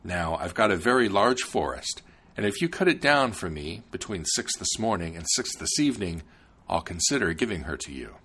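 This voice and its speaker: A man's voice: low voice, very animated, normal speed, sharp tone, slightly rough, exaggerated voice. A man voicing a demanding fairy-tale king who sets the prince impossible tasks. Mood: stern. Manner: stern, commanding.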